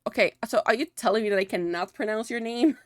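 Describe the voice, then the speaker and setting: A young Spanish-speaking woman chats casually with her livestream viewers, answering the chat and peppering her sentences with "like." Her voice is a little high and fast. The recording is dry and studio quality.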